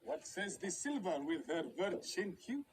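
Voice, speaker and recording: A proud musing prince. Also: male voice, high-pitched, sing-song, unhurried, slight background noise, heavily acted, low-quality recording. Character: proud regal male prince weighing a choice. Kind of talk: stage drama in verse.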